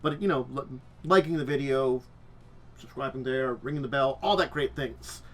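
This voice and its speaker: A man's voice: medium pitch, normal speed. A man hosting a tabletop lore stream, chatty and rambling, with frequent restarts. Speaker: host.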